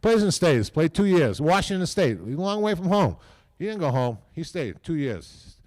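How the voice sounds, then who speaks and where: A man's voice: on the high side, very animated, normal speed, darkish tone. Folksy older man. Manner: rambling, folksy, repeats "okay?" and phrases. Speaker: team owner speaking at a hall of fame ceremony. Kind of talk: casual off-the-cuff speech.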